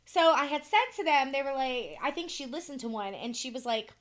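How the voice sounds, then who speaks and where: A woman's voice: sits high, expressive, brisk, hardly any pauses, fairly bright tone. A woman co-hosting a podcast, chatting casually, telling stories bluntly and laughing often. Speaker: podcast co-host. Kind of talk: casual chat.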